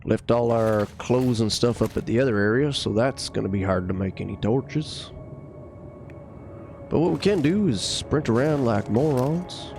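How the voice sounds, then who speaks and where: A man's voice: medium pitch, lively intonation, moderate pace, darkish tone, faint music behind. A man giving casual gameplay commentary on a live stream, wry and joking as he plays. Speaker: game streamer.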